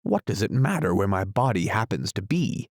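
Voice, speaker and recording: Voicing a character in a storybook reading, a man portrays a grave, muddled knight who keeps musing about peculiar inventions. The low, gravelly voice swings widely in pitch at a moderate pace, thoughtful in tone, recorded close and dry without room sound.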